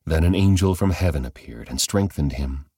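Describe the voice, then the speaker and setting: A man reading a Bible passage aloud as measured, scripted narration. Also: extremely low pitch, dark tone, husky, no echo, clean studio sound. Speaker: Bible reader.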